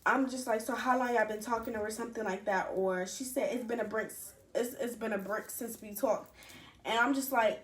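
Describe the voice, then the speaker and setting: A young woman telling a rambling, animated storytime with slang and cursing. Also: a little high, normal speed. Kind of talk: casual storytime. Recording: echoey room.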